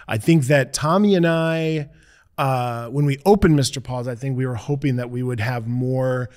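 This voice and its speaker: A man's voice: medium pitch, moderate pace, a little mellow. A man chatting as a podcast guest, joking around and playfully acting out little scenes as he tells them. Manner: jokey, laughs often, acts out scenes. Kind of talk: casual conversation.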